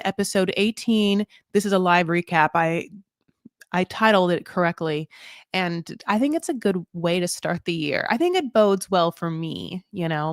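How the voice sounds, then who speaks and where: A woman's voice: lowish voice, no echo, studio quality. A woman hosting a live recap, talking casually and rambling with lots of fillers, tangents and playful self-mocking asides. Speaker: host of a live show recap. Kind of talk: casual live-stream chat.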